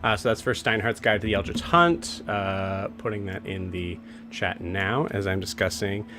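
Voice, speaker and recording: A man's voice: fairly low pitch, normal speed, bright, forceful tone, faint music behind. A man hosting a game stream, casually announcing campaigns and rambling with many filler words and restarts. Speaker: game master and show host.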